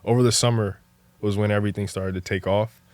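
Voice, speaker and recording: A young man from New Jersey, a podcast guest, telling stories in a relaxed, casual way that turns lively and full of laughter at the funny parts. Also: lowish voice, quick pace, no room sound. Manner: laid-back, animated when telling stories, laughs often. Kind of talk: casual storytelling chat.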